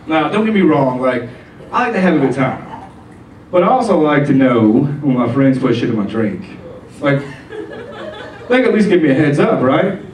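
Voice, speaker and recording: Lively, high-voiced stand-up comic man in a club. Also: moderate pace, long pauses. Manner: loose storytelling full of "like" fillers, voices for the people in his stories. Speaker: stand-up comedian. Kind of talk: stand-up comedy set. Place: comedy club stage. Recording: roomy, distant club recording with faint noise.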